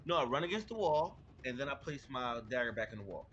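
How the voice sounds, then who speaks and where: A man's voice: medium pitch, very animated, quick pace, fairly bright tone, muffled recording. A man playing in a tabletop role-playing game, describing his character's moves hesitantly with many fillers. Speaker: player. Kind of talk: casual tabletop game play.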